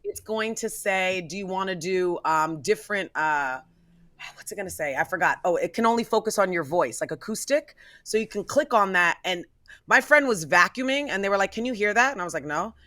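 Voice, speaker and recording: A woman co-hosting a radio show, telling animated little stories in casual chat. Her voice is bright, close and dry, with no room around it. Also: lowish voice, fairly quick, no echo. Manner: animated storytelling, acting out quotes. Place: radio studio.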